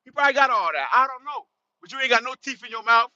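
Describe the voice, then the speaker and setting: A man talking from a truck cab with a very bright, forceful, tense voice, blunt and streetwise, swearing as he drives. The sound is dull and lo-fi. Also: extremely high pitch, lively intonation, fast, no echo. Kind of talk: casual vlog while driving.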